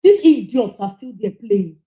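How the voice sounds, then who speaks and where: A woman's voice: on the high side, very animated, moderate pace, mellow, roomy sound, poor audio. A woman giving passionate, scolding commentary on a livestream as she reads out charges.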